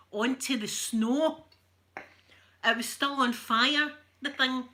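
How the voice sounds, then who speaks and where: A woman's voice: fairly high pitch, slow, sharp tone. A Scottish woman hosting her channel, telling rambling stories in casual chat and laughing often. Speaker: channel host.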